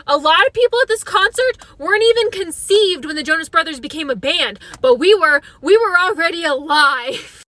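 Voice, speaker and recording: A woman's voice: very high voice, expressive, fairly quick, bright, forceful tone, no room sound. A young adult woman telling a comedic story in a wry, self-deprecating way. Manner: wry, self-deprecating, slips into mocking voices.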